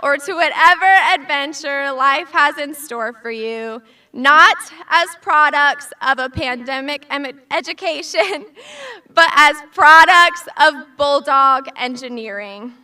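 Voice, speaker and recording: Woman, high bright voice, slow speech, distant microphone. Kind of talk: graduation speech.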